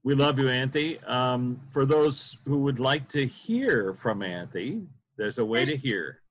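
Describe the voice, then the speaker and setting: A man's voice: mid-range voice, lively intonation, unhurried, a little hiss or hum. A man hosting a casual interview, joking and self-deprecating as he leads the talk. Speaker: podcast host.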